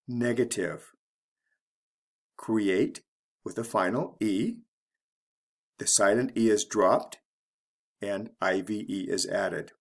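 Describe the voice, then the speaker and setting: A man teaching English word endings, spelling out letters one by one in a deliberate way. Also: lowish voice, vocal fry. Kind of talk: explaining spelling rules.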